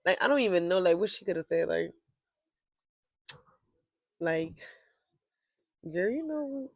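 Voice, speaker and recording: A woman's voice: lowish voice, measured pace, gravelly, dry recording. A young woman telling a storytime vlog in a casual, blunt and profane way, with heated outbursts. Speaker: vlogger.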